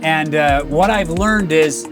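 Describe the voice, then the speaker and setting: A man hosts a sit-down conversation in an earnest, reflective tone. His voice sits somewhat high for a man. He shares his own story before turning to his guest. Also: takes it slowly, over music. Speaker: host. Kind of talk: conversational interview.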